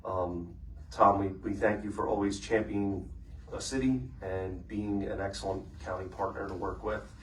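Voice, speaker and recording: Brisk man chairing a council meeting. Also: sits low, little pitch movement. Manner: brisk, businesslike, with casual fillers. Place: city council chamber. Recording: echoey chamber from far off, faint noise.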